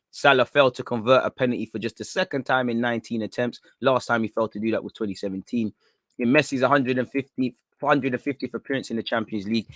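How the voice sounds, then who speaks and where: A man's voice: mid-range voice, fairly bright tone, no echo, clean studio sound. Bantering young man. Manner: banters with viewers, laughs often, street slang. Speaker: football channel host. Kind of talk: casual livestream chat.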